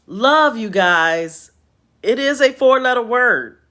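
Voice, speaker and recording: A woman's voice: fairly high pitch, expressive, takes it slowly, sharp tone. A woman hosting a casual spiritual chat from home, folksy and chatty with laughing asides. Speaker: host. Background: home repair noise.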